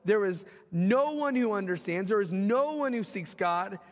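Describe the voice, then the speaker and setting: A man preaching a sermon as pastor, swinging from loud, urgent calls to hushed, slow lines. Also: high voice, lively intonation, long reverb tail.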